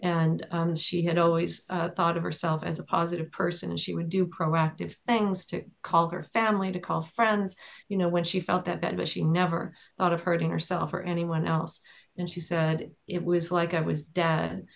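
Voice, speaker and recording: Woman going over trial testimony, low flat voice, kinda gravelly, lots of ums and restarts. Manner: halting, with many fillers and restarts. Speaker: trial observer and advocate. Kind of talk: recounting courtroom testimony in conversation.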